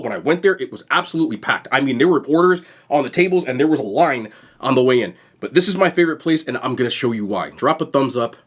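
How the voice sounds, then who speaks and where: A young man hosts a casual food vlog, talking fast and excitedly to the camera between bites. His voice is a little husky, pitched in the middle range. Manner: fast, excited talk to camera while eating. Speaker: food vlogger.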